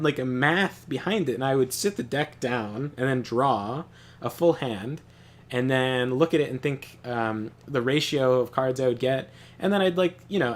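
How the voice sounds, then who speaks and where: A young man streaming a game, telling animated, profanity-laced stories in casual chat. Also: medium pitch. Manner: animated storytelling, swears often. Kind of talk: casual chat while gaming.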